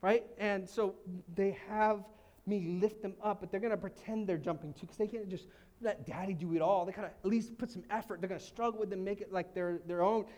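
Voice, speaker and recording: High-voiced, excitable male preacher. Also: a little fast. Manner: lively, casual preaching with sudden shouted exclamations. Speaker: pastor. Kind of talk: energetic sermon.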